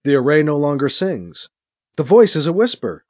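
A man reading a science fiction story as narrator, in steady storytelling narration. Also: a little high, normal speed. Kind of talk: scripted narration.

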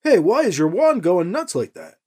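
Man doing rambling middle-aged ex-politician, chatty, grumbling, high lively voice, husky, storybook. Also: moderate pace, heavily acted.

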